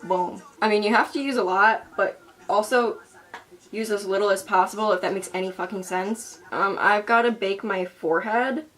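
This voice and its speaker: A woman's voice: mid-range voice, normal speed, a bit bright. Young woman, casual makeup tutorial, rambling, profane, self-mocking, bedroom vlog. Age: young adult. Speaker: beauty vlogger. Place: bedroom at home.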